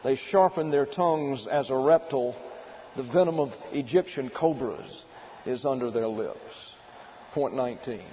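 A man's voice: medium pitch, a little hiss or hum. Emphatic male preacher, dull recording. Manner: deliberate, emphatic preaching with numbered points. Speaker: pastor. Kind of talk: sermon.

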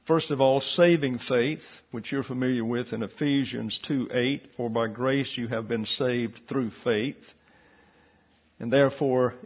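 A man with a husky, mid-pitched voice leads an evening Bible class, working through each point slowly and methodically, often pausing on "uh." The recording is dull and lo-fi. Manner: measured, methodical teaching with frequent fillers. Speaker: Bible teacher.

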